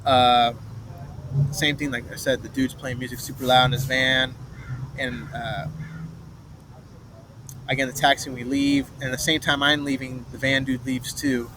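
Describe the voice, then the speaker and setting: A man's voice: medium pitch, flat delivery, normal speed, pauses often. Rambling young man, noisy street. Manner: rambling, restarts, swears, mimics others' voices in quotes. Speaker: vlogger telling a personal story. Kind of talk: rambling first-person storytelling. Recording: noisy street, traffic behind.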